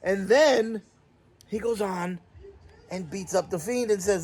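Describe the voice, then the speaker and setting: Male host with a high voice, loud and excitable, swearing freely through a casual reaction chat. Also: normal speed. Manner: excitable and profane, often laughing and shouting. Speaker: host of a toy and wrestling channel.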